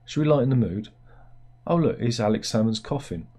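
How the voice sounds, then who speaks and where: A man's voice: mid-range voice, lively intonation, a little fast, dark tone, breathy edge. A British man hosting a satirical news commentary, rambling along with jokey asides as he reads out headlines. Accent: British English. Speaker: host.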